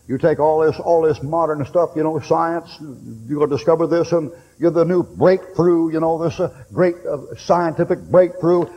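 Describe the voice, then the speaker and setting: A man preaching a fiery sermon, blunt and joking, breaking into sudden shouts. His voice sits fairly high for a man. The old recording is dull and faint with hiss, set in a hall with a long echo.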